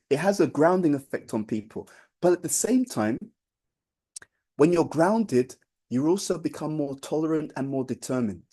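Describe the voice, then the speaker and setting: A man's voice: a little high, a little mellow, breathy edge. A man giving an informal spiritual talk, speaking conversationally, often restarting phrases and checking in with "right?".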